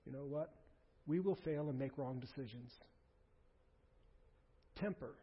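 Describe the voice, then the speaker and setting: In a church sanctuary, this pastor's mid-range, breathy-edged voice moves unhurriedly as he pleads earnestly with his congregation, frequently starting sentences over. The audio is muffled and carries a long echo from the hall.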